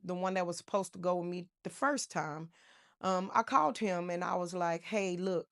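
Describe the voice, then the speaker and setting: A woman giving a personal testimony in a casual, emotional storytelling way, with many fillers and restarts. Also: fairly low pitch. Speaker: testimony speaker.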